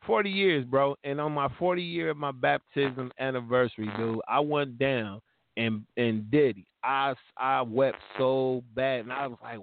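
Gravelly man in his fifties on a phone line. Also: mid-range voice, normal speed. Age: 50s. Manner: emphatic, slangy, fired-up storytelling. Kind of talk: casual podcast chat. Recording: tinny phone-line sound, dry.

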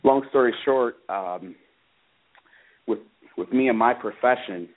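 A man calling in to a radio show, telling his own story in an earnest, halting way with many fillers. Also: mid-range voice. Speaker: father calling in about his case. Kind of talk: personal account on a call-in radio show. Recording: tinny phone line.

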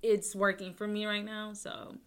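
A young adult woman hosting her own talk show, rambling with many restarts, joking to deflect, swinging between loud bursts and soft mumbles. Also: medium pitch, little pitch movement, measured pace, clear, resonant tone. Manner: rambling, self-interrupting, jokes to deflect. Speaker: podcast host. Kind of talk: casual personal talk show.

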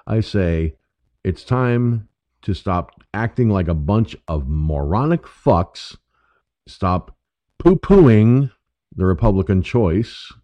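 Deep-voiced man ranting on talk radio. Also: mellow, dry recording. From New York State, USA. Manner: profane, ranting, emphatic. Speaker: internet radio show host. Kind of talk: political talk radio monologue. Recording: dull lo-fi dry audio.

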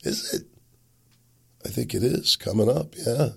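A man hosting a podcast while sick and losing his voice. He rambles and makes sarcastic, muttered asides into a desk boom mic. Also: measured pace, gravelly, breathy edge. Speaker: podcast host. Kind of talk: casual commentary monologue. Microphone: boom microphone on a desk.

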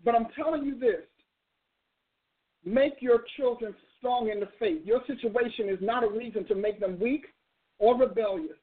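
A woman minister hosts her show with blunt, emphatic exhortation, refusing any soft tone. Her voice sits fairly high. The sound is narrow and tinny, like a phone line. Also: normal speed. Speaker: talk show host and minister. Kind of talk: preaching call-in style talk.

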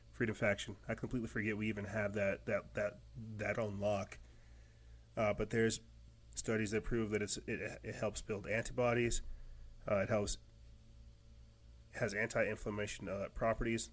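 A man hosting his own podcast, talking in a rambling, emphatic monologue and acting out other people's lines in quick mocking voices. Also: lowish voice. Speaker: podcast host. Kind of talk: casual monologue.

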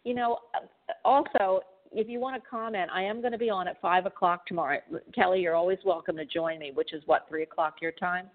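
A woman with a lowish voice hosts a call-in show and chats loosely, circling back with fillers and restarts. Her voice comes through a thin, tinny phone line. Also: brisk. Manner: chatty, rambling, frequent fillers and restarts. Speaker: psychic radio show host. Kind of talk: casual call-in chat.

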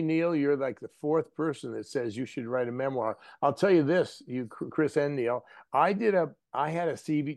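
A man from the American Midwest, an actor and guest, telling anecdotes in a casual interview in an animated way. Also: mid-range voice, no room sound. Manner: animated, anecdotal, drops into acted voices.

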